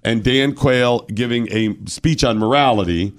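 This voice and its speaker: A man hosting a political talk radio show, chatting in an animated, sarcastic, rambling way. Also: mid-range voice, moderate pace.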